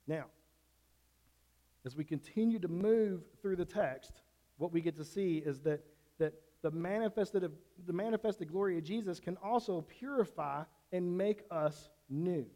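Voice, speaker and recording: A man's voice: a little high, mellow. Man preaching in a reverberant church. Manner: conversational preaching with restarts and self-corrections. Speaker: pastor. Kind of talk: sermon. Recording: long church-hall reverb.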